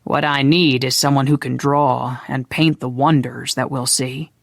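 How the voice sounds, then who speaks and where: A narrator voicing a wealthy, genial older gentleman who speaks slowly and teases gently. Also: medium pitch, fairly even intonation, vocal fry, dry recording, studio quality. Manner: slow, measured, drawling. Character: wealthy genteel older man, teasing and genial.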